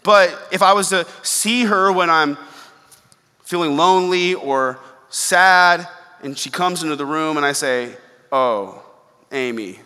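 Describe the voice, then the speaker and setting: A young adult man preaching a conversational sermon, animated and acting out the exclamations he quotes. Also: sits high, a little slow, clear, resonant tone. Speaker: pastor. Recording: long hall reverb.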